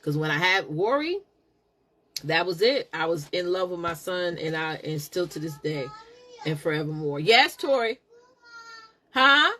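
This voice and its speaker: A middle-aged woman hosting a live stream, telling a personal story in a casual, animated, preaching way. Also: sits low, moderate pace. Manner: animated, preachy, laughs a lot.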